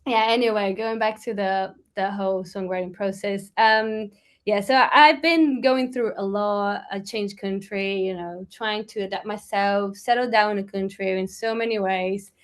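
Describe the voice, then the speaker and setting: A woman's voice: mid-range voice, steady tone, moderate pace. Chatty woman with a Brazilian accent. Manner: chatty, rambling with many fillers. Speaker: guest musician. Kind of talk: casual interview chat.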